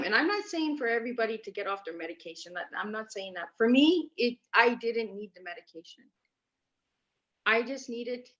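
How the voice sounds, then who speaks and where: A woman of medium pitch and slightly bright tone, a Canadian guest on a podcast, shares her personal story. She's earnest and emphatic, repeating words for stress, and her remote-call audio comes across dull and lo-fi.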